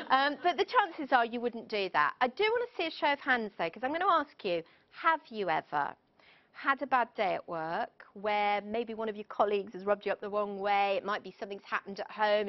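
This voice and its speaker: A woman giving a live motivational presentation, chatty and lively, often putting questions to her audience. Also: on the high side, highs cut off. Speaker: motivational speaker.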